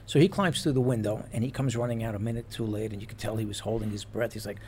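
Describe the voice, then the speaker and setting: A man and former police officer telling stories in casual chat, animated and laughing as he goes. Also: on the low side, fairly quick, hardly any pauses, slight background noise. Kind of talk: casual storytelling.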